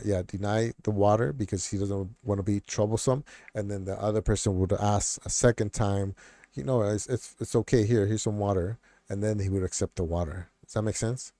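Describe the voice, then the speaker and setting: A middle-aged man hosts a casual chat stream, rambling with plenty of fillers and restarts. His voice is lowish and mellow, with no echo.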